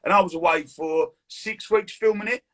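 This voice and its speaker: A man chatting casually as a guest, full of quick banter and a husky edge. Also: sits high, a bit bright. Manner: fast, chirpy banter with lots of "mate". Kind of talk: casual chat.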